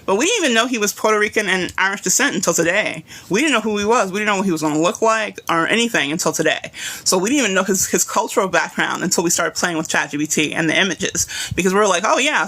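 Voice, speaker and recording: A woman leads a casual live writing class. She rambles eagerly from one idea to the next and keeps checking in with her listeners. Her tone is bright and forceful. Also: mid-range voice. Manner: enthusiastic, rambling, many asides and "right?" checks. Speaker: writing instructor.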